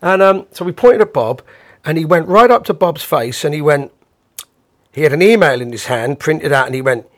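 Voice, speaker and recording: A man, a bandleader, casually telling a rambling, animated anecdote with the odd chuckle. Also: a little high, moderate pace.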